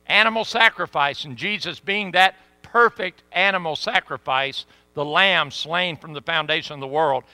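A man preaching a sermon with sudden swings between loud emphasis and hushed asides. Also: high-pitched, no echo.

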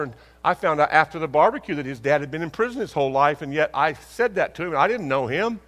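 A man preaching a sermon, telling stories and acting out conversations, asking rhetorical questions with lively emphasis. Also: fairly high pitch, quick pace, hardly any pauses. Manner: animated, acts out dialogue, rhetorical questions. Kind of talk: sermon with storytelling. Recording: long hall reverb.

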